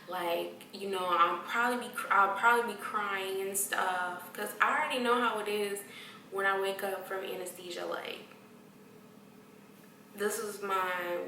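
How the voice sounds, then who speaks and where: A woman's mid-range voice sounds pushed and bright, roomy and distant from the mic with slight background noise. She's a vlogger casually telling a story, blunt and profane, acting out the exchanges people had with her.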